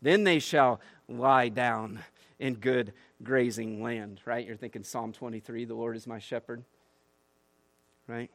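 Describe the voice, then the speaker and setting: A man's voice: mid-range voice, steady tone, a little slow, a bit bright, no room sound. A man preaching a sermon. He reads scripture aloud with rising emphasis and breaks off into conversational asides that end in "right?". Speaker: pastor.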